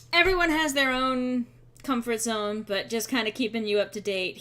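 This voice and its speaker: A woman's voice: mid-range voice, fairly bright tone. Sarcastic, chatty woman streamer. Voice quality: chatty and sarcastic, with frequent ums. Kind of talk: casual let's-play chat.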